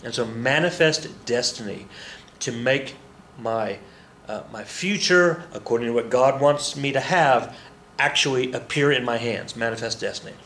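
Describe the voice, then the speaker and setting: A man's voice: mid-range voice, moderate pace, a bit bright, roomy sound, slight background noise. A male history teacher giving a casual, joking classroom lecture, often correcting himself as he talks to his students.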